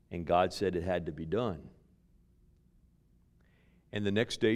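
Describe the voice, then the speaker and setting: A man preaching a sermon as pastor, telling stories with repeated words and restarts, dropping from loud emphasis to hushed near-whispers. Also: deep voice, a little slow, pauses often.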